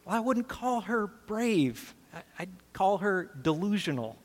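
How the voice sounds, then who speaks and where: A man delivers an earnest sermon, leaning on emphasis and asking his listeners rhetorical questions. His voice sits somewhat high for a man. The recording carries a long reverb tail, as if from a large hall. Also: sing-song, unhurried. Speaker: pastor.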